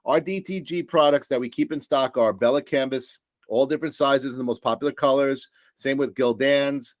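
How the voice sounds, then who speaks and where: A man with a New York accent pitches products in a chatty, joking way, with plenty of "uh"s and quick asides. His voice sits at an ordinary middle pitch. The sound is close and dry, with no room echo. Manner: upbeat, joking salesman's patter with many fillers. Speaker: supplier sales presenter. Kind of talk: business presentation.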